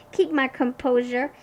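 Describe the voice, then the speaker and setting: A woman with a slightly high voice gives a pick-a-card tarot reading. She gushes with excitement, tripping over and restarting her words. For advice she drops to a slow, hushed, soothing tone. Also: slight background noise, low-quality recording.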